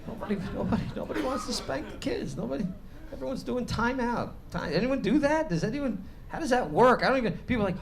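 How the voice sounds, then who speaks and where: Brash high-voiced male stand-up comic. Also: very animated, fast, gravelly, crowd noise. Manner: brash, swears freely, shouts punchlines. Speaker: stand-up comedian. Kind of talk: stand-up comedy set. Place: comedy club stage.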